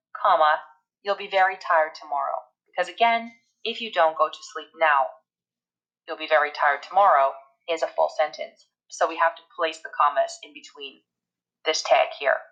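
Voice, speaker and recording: A woman teaching a recorded English grammar lesson, explaining step by step and reading examples aloud slowly. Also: low voice, a bit bright, muffled recording.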